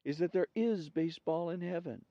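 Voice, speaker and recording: Old man's spirit, man doing the voice, high and soft, lo-fi. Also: normal speed, no echo, natural voice. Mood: announcing. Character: dead old man speaking from heaven.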